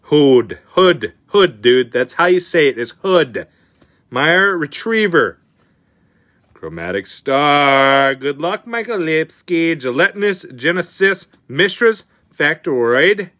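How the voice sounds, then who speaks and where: Excitable slangy young man, bright voice. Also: fairly high pitch, slow pace, dry recording, clean studio sound. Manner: excitable and slangy, calls viewers dude and bro. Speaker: card-opening host. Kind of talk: live pack-opening chat.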